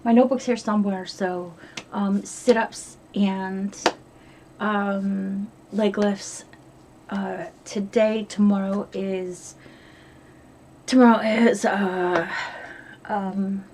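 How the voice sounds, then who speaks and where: A woman's voice: medium pitch, steady tone, slow pace, long pauses, a little mellow. Middle-aged American woman vlogger, chatty and profane, mid-range voice, faint hiss behind. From upstate New York. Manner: chatty, swears freely, rambling. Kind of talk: casual diary vlog.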